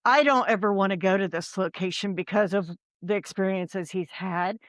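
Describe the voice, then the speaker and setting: A woman's voice: mid-range voice, moderate pace, dry recording, clean studio sound. A woman who investigates the paranormal, a podcast guest telling a story in a rambling, casual way with many ums and likes.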